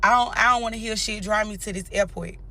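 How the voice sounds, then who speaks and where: A woman's voice: mid-range voice, steady tone, fast talker, bright, forceful tone. A young woman telling a personal story straight to her viewers, blunt and full of cursing. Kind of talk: casual storytime vlog.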